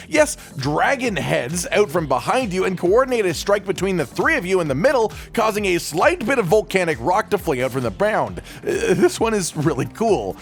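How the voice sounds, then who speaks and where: A man narrating a game guide voice-over in a casual, jokey way, with swearing asides. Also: high-pitched.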